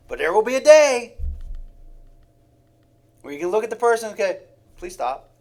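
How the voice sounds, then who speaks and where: A man preaching a sermon in a heartfelt way, with sighs and acted-out examples. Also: high-pitched.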